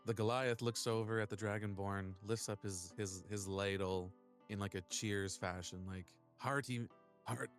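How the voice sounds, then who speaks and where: Relaxed man playing a tabletop game. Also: fairly low pitch, moderate pace, soft background music. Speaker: player.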